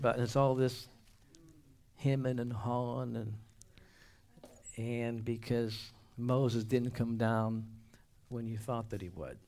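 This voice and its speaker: A man preaching a sermon with humorous asides and call-and-response, trading loud exclamations for hushed whispers. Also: mid-range voice.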